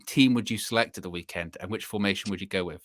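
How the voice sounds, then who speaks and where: A man hosting a casual live football chat stream, animated and repeating himself for emphasis. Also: low voice, fast talker, crowd noise. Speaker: host.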